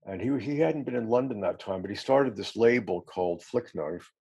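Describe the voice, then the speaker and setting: A man's voice: lowish voice, animated, normal speed, dark tone, slightly rough. A middle-aged man, a musician being interviewed, telling rambling, self-deprecating stories with frequent laughs. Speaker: musician guest. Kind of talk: casual anecdotal interview.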